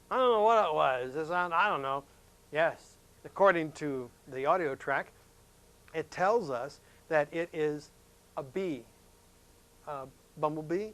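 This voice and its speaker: A folksy male science teacher walking students through a lesson, his voice sitting a little higher than most men's. He talks in a chatty way, keeps asking questions of his class, and jumps up in pitch to stress a point. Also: fairly bright tone.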